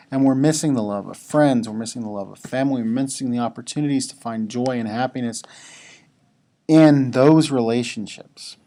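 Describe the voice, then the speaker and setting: Slow, easygoing male devotional speaker. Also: mid-range voice, warm tone. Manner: conversational, with casual asides to the students. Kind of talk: devotional talk to students.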